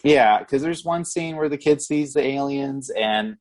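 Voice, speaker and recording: A man's voice: medium pitch, unhurried, a little mellow. A man co-hosting a movie podcast, talking in an easygoing, conversational way with restarts and filler words. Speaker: podcast co-host. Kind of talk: casual movie review chat.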